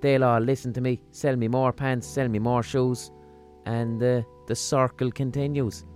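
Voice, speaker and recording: A man with a Limerick Irish accent hosting a podcast, rambling through a casual comic monologue in a profane, deadpan-humorous way. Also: mid-range voice, moderate pace, faint music behind. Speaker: podcast host.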